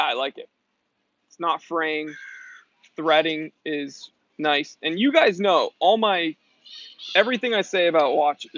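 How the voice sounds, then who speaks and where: A man's voice: a little high, a bit bright. A man hosting a casual live-stream Q&A, reading chat comments and answering in a chatty, emphatic way. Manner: chatty, emphatic, quick to clarify himself. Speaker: watch channel host reading live chat. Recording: dull lo-fi sound.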